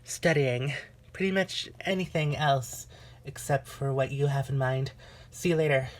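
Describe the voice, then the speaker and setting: A woman's voice: extremely low pitch, measured pace, a little hiss or hum, rough recording. A woman voicing a proud, sarcastic teenage girl in an amateur voice drama. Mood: dismissive. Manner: cutting, sarcastic. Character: proud, sharp-tongued teen girl.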